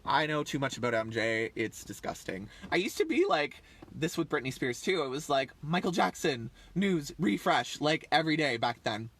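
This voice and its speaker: A man's voice: fairly high pitch, expressive, moderate pace, fairly bright tone. A man in his thirties rambling casually on a livestream, chatty and full of fillers, often trailing off. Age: 30s. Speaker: livestream host.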